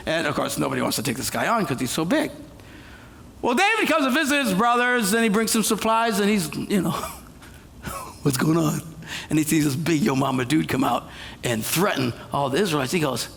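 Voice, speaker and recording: A man preaching a comedic sermon, retelling a story with jokes and suddenly shouting the characters' lines. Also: high-pitched, brisk, vocal fry, in a large hall. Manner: animated, jokey, acts out characters with shouted quotes. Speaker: pastor. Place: church auditorium.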